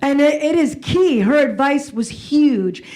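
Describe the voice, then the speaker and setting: A woman's voice: sits high, animated, unhurried, a little mellow. A woman in her forties giving a personal, emotional talk to an audience, often restarting and repeating her words. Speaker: keynote speaker. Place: event hall before an audience.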